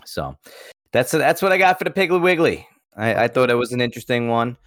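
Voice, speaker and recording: A man's voice: mid-range voice, expressive, fairly quick, a bit bright, no room sound, studio quality. An American man co-hosting a podcast, telling a story in a rambling, casual way, repeating words and swearing now and then. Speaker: podcast co-host.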